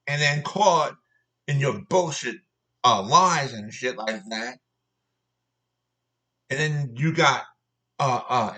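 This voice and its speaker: A man's voice: medium pitch, pushed and bright, poor audio. A man telling a personal story as an angry, profane rant, repeating himself.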